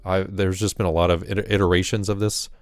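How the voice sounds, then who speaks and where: A man's voice: sits low, flat delivery, fast talker, dry recording, studio quality, faint music behind. A man chatting casually during a live stream, rambling and correcting himself, a little out of breath after exercise.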